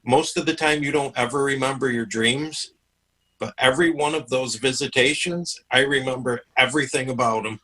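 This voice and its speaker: Bright-voiced male interview host. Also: mid-range voice, normal speed, low-quality recording. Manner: explanatory, chatty, repeats words. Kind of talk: conversational interview.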